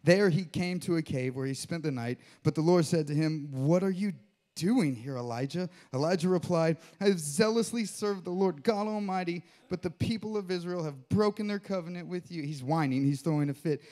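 A man's voice: fairly high pitch, moderate pace, warm tone. A man preaching a sermon to his church, reading scripture and joking with the congregation. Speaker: pastor.

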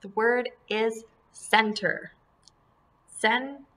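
Slow, bright-voiced woman teacher. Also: medium pitch, animated. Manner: slow, deliberate word drills with clear enunciation; encouraging teacher talk. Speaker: grade 2 teacher. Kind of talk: phonemic awareness lesson for young children.

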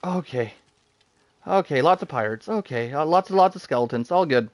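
An excitable man narrates his own gameplay, talking to himself with frequent bursts of laughter. His voice sits fairly high and swings widely in pitch. The recording is close and dry, with no room sound. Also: normal speed, no echo. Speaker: gaming streamer. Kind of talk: live game commentary.

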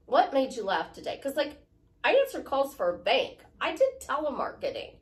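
A woman's voice: high voice, big pitch swings, normal speed. A woman life coach giving a chatty, motivational talk, repeating her points and joking about herself. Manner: chatty, repetitive, self-deprecating. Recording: voice from a distant mic.

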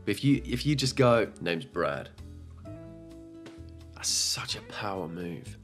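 Low-voiced sarcastic man riffing on clips. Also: animated, normal speed, soft background music. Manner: sarcastic, jokey, swings between loud outbursts and mutters. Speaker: reaction commentator. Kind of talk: comedic reaction commentary.

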